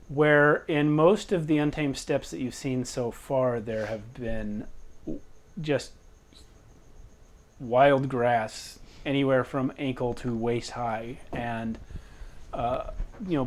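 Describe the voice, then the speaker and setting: A man narrating a tabletop game as game master, describing scenes in an easygoing way. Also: mid-range voice.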